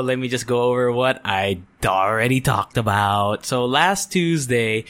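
A young man talks through his solo podcast in a loose, rambling way. He drops the odd swear and Tagalog filler. His voice is bright and forceful at an everyday male pitch. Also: measured pace, hardly any pauses. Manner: frustrated, rambling, swears, mixes in Tagalog words. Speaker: podcast host. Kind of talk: casual solo podcast chat.

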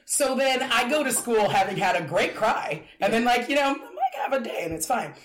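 A woman's voice: fairly high pitch, big pitch swings, moderate pace, a crowd in the background. Foul-mouthed, rambling woman in a roomy space. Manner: profane, rambling, self-mocking. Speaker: podcast guest. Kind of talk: candid storytelling chat.

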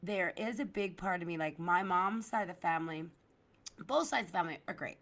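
A woman from the Philadelphia area, a comedian guesting on a podcast, telling stories in an animated way, swearing freely and filling her talk with "like" and "literally". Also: lowish voice, fairly quick. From Delaware County, Philadelphia area. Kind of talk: casual podcast chat.

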